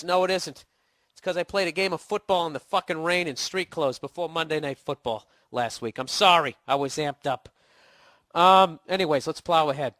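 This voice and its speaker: Fresh off a cold, this man answers a listener email on his podcast in a laid-back, foul-mouthed comic rant, blunt and sarcastic throughout. His voice is fairly high, brisk and somewhat bright, with clean studio sound and no room noise.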